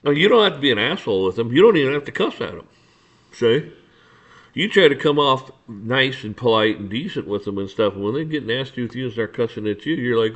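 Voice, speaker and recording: A podcast host delivers a casual, blunt, profane rant, stammering through restarts as he acts out his run-ins with officials. His medium-pitched voice is animated, brisk and a little bright, though the audio sounds dull.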